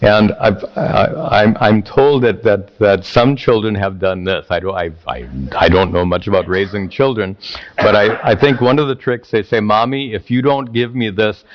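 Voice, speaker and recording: A man teaching a scripture class, speaking haltingly with repeated words and chanting verses slowly. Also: lowish voice, muffled recording.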